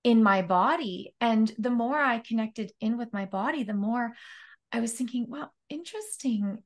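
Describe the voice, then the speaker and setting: A woman's voice: a little high, moderate pace. A woman hosting a casual interview, sharing reflections in a heartfelt way and laughing often. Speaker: interview host.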